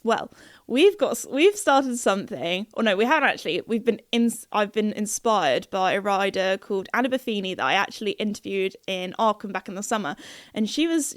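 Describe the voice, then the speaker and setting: A woman's voice: mid-range voice, no echo, clean studio sound. A young woman hosting a podcast in a casual chat, rambling with lots of fillers and giggles. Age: young adult. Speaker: podcast host.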